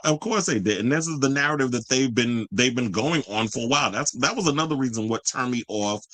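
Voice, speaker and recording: A blunt, foul-mouthed man hosts a commentary livestream and talks straight to his viewers and their comments. His voice sits at a middling pitch, and the sound is dry and close, with no room around it. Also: brisk, few pauses, fairly bright tone, dry recording, rough recording. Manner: profane, blunt and combative. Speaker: host of a pop culture commentary channel.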